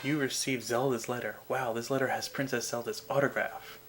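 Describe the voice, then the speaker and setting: A man's voice: mid-range voice, steady tone, fairly quick, music in the background. A young man hosting a let's play, rambling with lots of fillers and sarcastic asides. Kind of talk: casual gameplay commentary.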